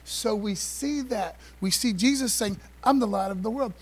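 Folksy high-voiced male preacher. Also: moderate pace. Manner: folksy, call-and-response preaching with repeated phrases. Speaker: pastor. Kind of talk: sermon. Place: church sanctuary.

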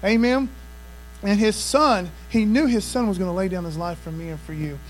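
A man's voice: sits high, fairly even intonation, normal speed, a little hiss or hum, low-quality recording. A man preaching a sermon, emphatic and casual, often checking in with "amen" and "man.". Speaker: pastor.

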